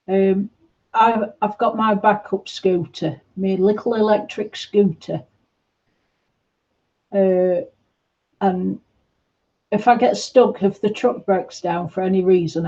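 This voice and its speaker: A woman chatting gently on a livestream, answering viewers' comments in a reassuring way. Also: medium pitch, lo-fi sound. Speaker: livestream host. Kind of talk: casual livestream chat reading comments.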